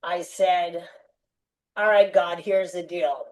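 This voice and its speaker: A woman's voice: fairly low pitch, steady tone, takes it slowly, poor audio. An older woman, a guest on a podcast interview, telling a personal story with animation and acting out quoted lines.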